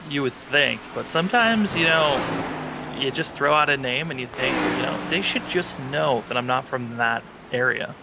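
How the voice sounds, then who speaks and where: A man's voice: medium pitch, expressive, normal speed, vocal fry. A man doing color commentary on a sim racing broadcast, explaining driving technique at length. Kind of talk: live race commentary. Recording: noisy stream audio.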